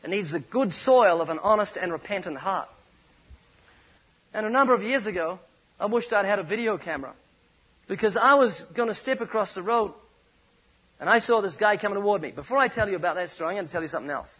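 Kiwi guy preaching, high voice, tells stories and hammers his point, sounds kinda muffled. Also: animated, quick pace, slightly rough. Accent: New Zealand. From New Zealand. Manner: storytelling, emphatic, punchy repetition. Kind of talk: sermon. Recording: dull muffled recording.

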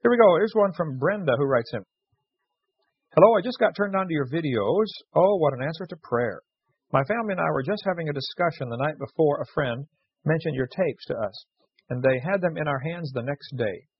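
A chatty man hosting a radio show, reading letters and cracking jokes. His voice is gravelly and husky, sitting a little high for a man. The sound is dry and dull, like an old lo-fi radio recording. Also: lively intonation, brisk, no room sound. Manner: jokey, chatty storyteller with frequent laughs. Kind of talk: casual radio chat reading listener letters.

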